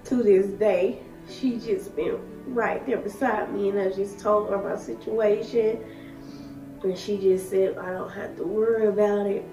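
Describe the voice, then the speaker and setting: A woman, telling her own story in halting, emotional short phrases. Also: fairly high pitch. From Alabama, USA. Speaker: daycare worker sharing her story. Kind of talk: personal testimony. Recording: echoey room, distant mic, soft music.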